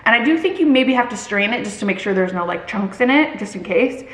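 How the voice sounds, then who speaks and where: A woman's voice: mid-range voice, animated, a little fast, a bit bright, reverberant, poor audio. A woman in her thirties chatting casually in her home kitchen while she cooks, giggly and dramatic. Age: 30s. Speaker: vlogger. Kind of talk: casual chat.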